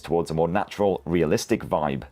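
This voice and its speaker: British male reviewer, very low voice, brisk scripted read. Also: dark tone. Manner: brisk, slangy, reads specs crisply. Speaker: tech video presenter. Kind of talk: scripted tech review narration.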